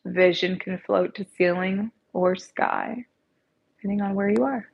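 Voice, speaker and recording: A woman yoga instructor calmly guiding a class through stretches, speaking into an earpiece mic. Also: medium pitch, a little slow, vocal fry, slightly rough, dull audio. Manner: gentle, calm cueing with soft encouragement.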